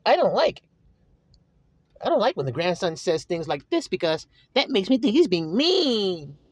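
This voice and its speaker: High whiny offended guy, stuttery and sulky, dry muffled audio. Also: very animated, normal speed, dry recording. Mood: pleading. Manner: whining, stammering, self-pitying. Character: whiny offended male listener, high and complaining. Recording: dull lo-fi recording.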